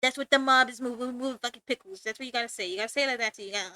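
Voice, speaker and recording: A woman's voice: fairly high pitch, rapid-fire, pushed and bright, no room sound. A young woman streamer chatting casually while drawing, rambling and giggling, with casual swearing.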